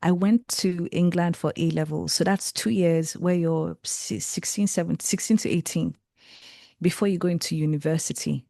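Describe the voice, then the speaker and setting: Recorded cleanly in a studio with no echo, this young Nigerian guest, who works as a creative and tarot reader, talks at a moderate pace in a fairly low, creaky voice. Her casual interview answers come across as reflective and sincere, animated, and full of self-corrections and restarted sentences.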